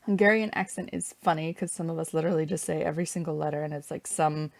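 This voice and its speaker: A woman's voice: sits low, fairly even intonation, fast talker, creaky, hardly any pauses, dry recording. A woman from Canada chatting casually and wryly while streaming a strategy game, rambling between moves. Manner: chatty, rambling, wry asides.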